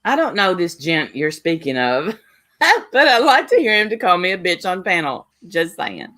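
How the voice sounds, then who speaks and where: A woman's voice: fairly low pitch, big pitch swings, moderate pace, sharp tone. A woman hosting a casual live stream chat. She talks in a blunt, gossipy way and swears freely.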